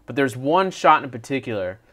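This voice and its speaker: A man co-hosting a casual movie review, blunt and animated, swearing freely. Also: medium pitch, fairly quick. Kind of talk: casual chat.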